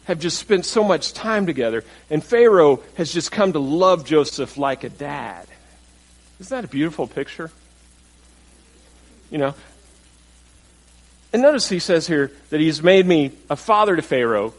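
Man, pastor, sermon, conversational, animated pitch, slightly high voice. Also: measured pace, pauses often, rough recording. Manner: conversational, asks the audience questions, acts out quotes.

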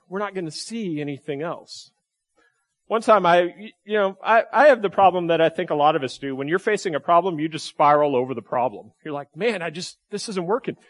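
Conversational pastor, man, higher voice. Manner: conversational, asks the congregation questions, animated. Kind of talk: sermon.

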